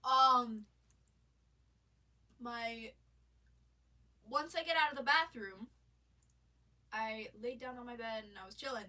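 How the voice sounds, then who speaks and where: A woman's voice: fairly high pitch, a little slow, long pauses, pushed and bright, distant mic, a little hiss or hum. A woman with a stuffy nose on a casual live stream, rambling about her day and swearing, with lots of restarts, sitting in her bedroom.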